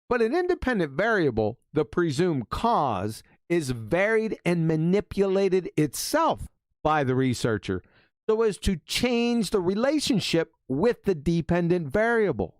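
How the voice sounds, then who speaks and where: A man hosting a talk stream delivers a mocking, insulting rant. His pitch swings widely up and down. The sound is dry and close. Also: dry recording. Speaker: host. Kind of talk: ranting monologue.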